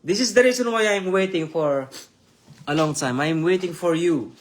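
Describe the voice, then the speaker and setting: A man preaching and praying online, emotional and repetitive, with halting restarts. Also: fairly high pitch, slight background noise. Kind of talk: online sermon with prayer.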